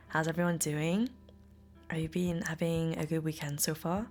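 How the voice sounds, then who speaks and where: A woman's voice: low voice, flat delivery, normal speed, darkish tone, faint music behind. Giggly woman streaming. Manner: giggly, playful, chatty with chat. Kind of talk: casual live-stream chat. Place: home room.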